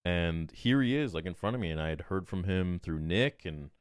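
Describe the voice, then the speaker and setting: A man's voice: low voice, smooth, dry recording, studio quality. A man, a podcast guest, telling a story in casual talk and acting out quoted exchanges with animation. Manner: animated, quotes himself and others in quick exchanges.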